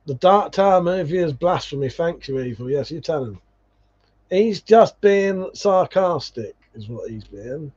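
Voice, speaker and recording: Man, livestream host, casual chat, swears, says mate, a bit high, muffled lo-fi sound. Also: animated, measured pace, a little mellow, slightly rough. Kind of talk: casual chat reading viewer comments.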